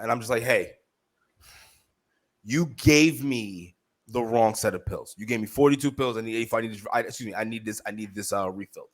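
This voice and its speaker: A man co-hosting a podcast, telling a story in casual chat, profane and heated, animated as he goes. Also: medium pitch. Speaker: podcast co-host.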